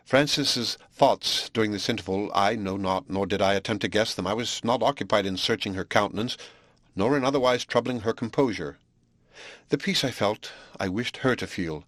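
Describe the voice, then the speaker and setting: A man narrating a classic novel in a measured, even, literary way. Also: on the low side, no echo. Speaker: audiobook narrator. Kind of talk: scripted narration.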